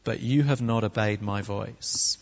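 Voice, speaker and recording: A preacher reading out a stern, solemn God in a measured, declaiming way. The sound is dull and echoey, like in a big hall, with a husky edge. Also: male voice, fairly low pitch, darkish tone, voice pushed down.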